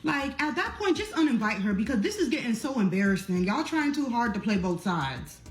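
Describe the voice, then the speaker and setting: A woman's voice: fairly high pitch, big pitch swings, a little fast. A young woman telling a family drama storytime in a casual, blunt and profane way. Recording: roomy echo with faint music.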